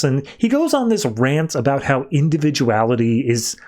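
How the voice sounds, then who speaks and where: A man's voice: mid-range voice, big pitch swings, moderate pace, darkish tone. Man casually recapping a comic book. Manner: loose, conversational retelling with many filler words. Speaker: podcast host.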